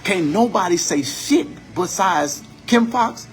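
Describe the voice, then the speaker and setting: A man's voice: a little high, animated, normal speed. A man giving an impassioned, profane commentary monologue, building his points with preacher-like repetition.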